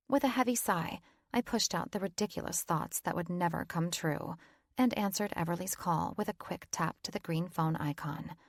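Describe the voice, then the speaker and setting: A woman's voice: fairly low pitch, breathy edge, no echo, studio quality. A woman narrating a romance audiobook in the first person, wry, self-mocking and casually profane.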